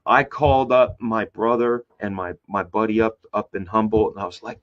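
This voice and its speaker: A man, a comic book artist, telling a rambling story in casual conversation, jumping into high voices to act out quotes. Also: moderate pace, few pauses. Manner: animated, acts out quoted voices with big pitch jumps; loose and rambling with many fillers and restarts. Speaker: guest. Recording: slightly dull lo-fi sound.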